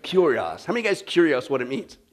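A man preaching a sermon to a congregation, animated and asking them questions. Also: sits high, normal speed. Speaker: pastor. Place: church with a live congregation.

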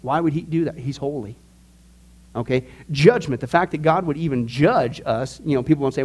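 A man's voice: a little high, fairly quick, darkish tone, breathy edge. A man teaching a Bible study class in a casual, emphatic way, cracking jokes and asking the group questions.

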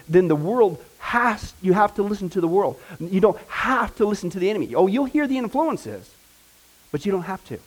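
A man teaching a discipleship Bible class in an energetic, conversational way, often checking in with his listeners. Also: high voice, rough recording.

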